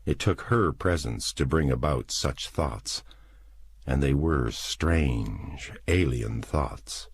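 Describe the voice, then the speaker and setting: A man narrating a novel as an audiobook in a slow, deliberate, dramatic reading. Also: very deep voice, animated, husky, no echo. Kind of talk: scripted narration.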